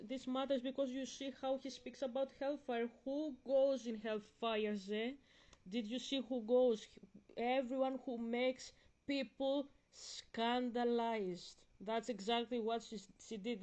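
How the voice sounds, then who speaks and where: A young woman vlogging an impassioned theology rant, emphatic and preachy, repeating and restarting phrases and slowing down on key words. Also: on the high side, a little mellow.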